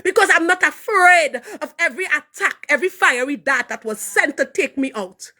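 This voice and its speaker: A woman with a Trinidadian accent who is a minister, giving an impassioned live testimony with fervent, preaching delivery that rises to shouts. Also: very high voice, normal speed, few pauses. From Trinidad and Tobago. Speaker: minister and hairdresser.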